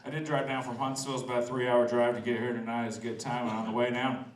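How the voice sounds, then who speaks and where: Stand-up guy cracking himself up, mid-pitch voice, echoey and picked up from a distance. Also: level tone, quick pace. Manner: loose, laughing, crowd-teasing delivery. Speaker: stand-up comedian. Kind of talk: open-mic stand-up set. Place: outdoors in front of a restaurant.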